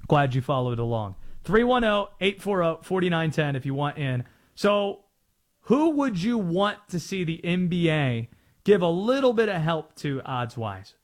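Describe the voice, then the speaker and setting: A man's voice: fairly high pitch, big pitch swings, a little slow. A man from North Carolina hosting a sports talk radio show, chatting and explaining. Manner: conversational, explanatory.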